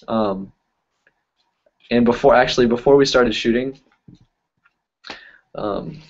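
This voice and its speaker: A man's voice: medium pitch, slow, dull audio. A man hosting a casual live stream about magic, telling stories in a rambling way, correcting himself and laughing often. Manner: rambling, self-correcting storytelling with frequent laughs. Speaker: YouTube magic and cardistry creator. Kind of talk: casual live-stream chat answering comments.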